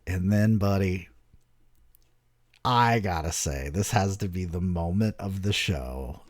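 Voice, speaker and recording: A young adult man co-hosting a casual podcast chat, telling stories in an animated, profane way. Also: low-pitched, slow, dry recording, clean studio sound. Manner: animated, profane storytelling with voices. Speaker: podcast co-host.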